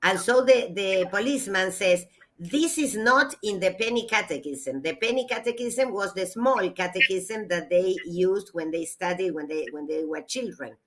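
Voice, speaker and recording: A woman, a literature teacher giving a classroom lecture, reading aloud slowly and explaining with hesitations. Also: mid-range voice.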